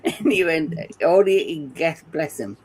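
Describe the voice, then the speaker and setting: Slow-talking Geordie man telling stories. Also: a little high, noisy background. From England. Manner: rambling anecdotal storyteller, laughs often. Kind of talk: casual chat.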